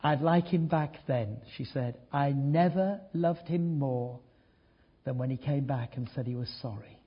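Husky preacher, earnest and emphatic. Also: male voice, mid-range voice, a little slow, muffled recording. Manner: earnest, swings from hushed to emphatic. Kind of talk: sermon with storytelling.

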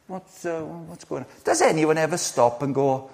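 Male preacher, 60s, high-ish voice, lots of rhetorical questions, casual sermon delivery. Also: moderate pace, hardly any pauses. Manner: lively, conversational, rhetorical questions, playful asides.

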